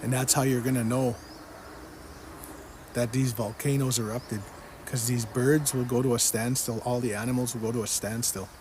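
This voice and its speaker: A man's voice: medium pitch, flat delivery, moderate pace, a little mellow, slight background noise. A man giving a personal religious testimony, earnestly retelling a dream and repeating what he was told again and again. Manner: earnest, repetitive, quotes the speaker in the dream again and again.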